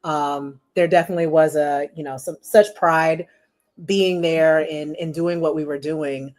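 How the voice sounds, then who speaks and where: A woman's voice: low voice, unhurried. A woman in her forties, a marketing executive telling stories as a podcast guest, chatty and full of "you know". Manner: chatty, animated, many "you know" fillers. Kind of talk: casual storytelling interview.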